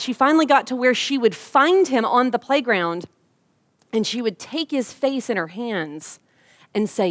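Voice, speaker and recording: A woman delivers a sermon in a fairly high voice. She tells a personal story with humor and slips into lively voices when she quotes people. She sounds like she is in her thirties. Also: normal speed. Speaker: pastor.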